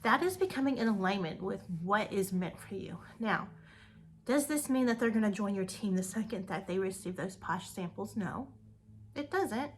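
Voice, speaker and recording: A woman's voice: medium pitch, lively intonation, moderate pace. A woman giving an upbeat motivational talk to her direct sales team, repeating words for emphasis.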